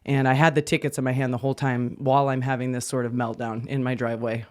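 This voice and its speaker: Excitable man with frequent laughs. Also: fast. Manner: animated storyteller, laughs often, swings up in pitch when excited. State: anxious. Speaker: podcast co-host. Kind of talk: casual chat.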